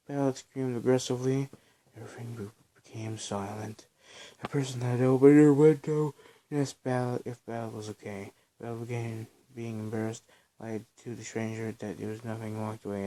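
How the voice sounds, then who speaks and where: A man reading his own story aloud on a phone recording, halting, with small slips. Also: fairly low pitch, steady tone, dark tone.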